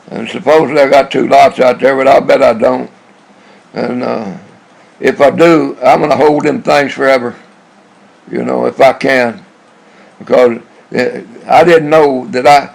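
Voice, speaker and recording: Older man, gravelly and husky, fairly high-pitched, blunt rambling monologue. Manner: blunt, rambling, with many restarts. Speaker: YouTube vlogger.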